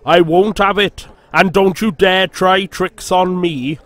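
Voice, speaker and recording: A man's voice: high-pitched, steady tone, slow, a bit bright, dry recording, voice pushed up. A man voicing a stern old male engine in a storybook, firm and scolding.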